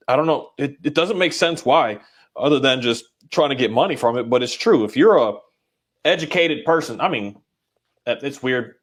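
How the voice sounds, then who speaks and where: A man hosting a casual conversation, speaking haltingly with many restarts as he thinks aloud. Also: medium pitch. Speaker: podcast host, dog owner.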